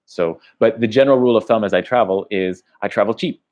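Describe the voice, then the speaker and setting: A man's voice: fairly low pitch, fast, darkish tone, highs cut off. An American man, a travel vlogger, chatting casually on a livestream as he reads viewer comments, rambling and laughing between thoughts. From United States.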